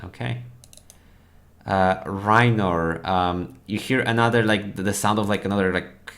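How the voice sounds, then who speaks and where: Halting, low-voiced man running a game. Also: steady tone, a bit bright. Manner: halting, full of fillers and restarts. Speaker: dungeon master. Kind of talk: narrating a tabletop game.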